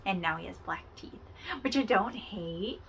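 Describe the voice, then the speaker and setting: A woman with a fairly low, slightly bright voice speaks a little slowly over faint background noise. Hosting a casual craft tutorial, she chats with the viewer while working and teases herself along the way.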